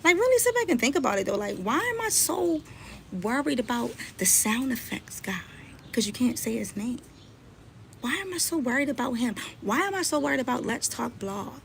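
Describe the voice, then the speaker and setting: Woman blogger, live-stream rant, higher-pitched voice, gravelly vocal fry, scolding and confrontational. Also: very animated, a little fast, fairly bright tone, a little hiss or hum. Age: adult, mother.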